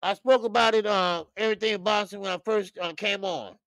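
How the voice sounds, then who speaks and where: A man's voice: high voice, steady tone, brisk, creaky, fairly bright tone, clear, resonant tone, no echo. A man hosting a boxing livestream in loose, talkative chat, laughing often and repeating himself. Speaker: boxing channel host.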